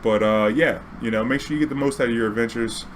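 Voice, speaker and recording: A man spins a casual story in a laid-back, slangy way. His voice sits in an ordinary middle pitch and gets animated when he quotes himself. Faint noise hums under the recording. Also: quick pace. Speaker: streamer telling a story.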